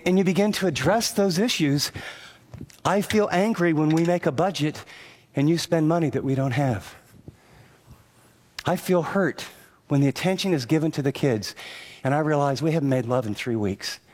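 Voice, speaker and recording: Earnest preaching man, raised voice. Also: on the high side. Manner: earnest, conversational, stumbles and repeats words. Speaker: pastor. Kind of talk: sermon.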